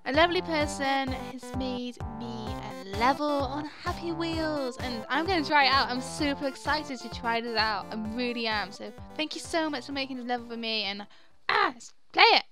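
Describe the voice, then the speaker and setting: A young woman hosting a let's play, reacting excitably to the game with squeals and laughter. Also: high-pitched, moderate pace, over music. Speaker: gaming channel host. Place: home room at her dad's house.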